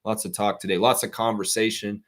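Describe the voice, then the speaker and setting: A man's voice: lowish voice, a little fast. A man with a Southern accent hosting a casual live stream, rambling animatedly while reading and answering viewer comments. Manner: animated, rambling, quotes imagined voices. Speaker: livestream host.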